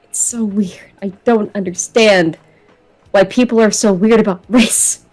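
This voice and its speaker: A woman's voice: mid-range voice, fairly even intonation, measured pace, a little mellow. A young adult woman talking casually and at length, giving her opinions in a rambling way. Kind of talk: casual chat.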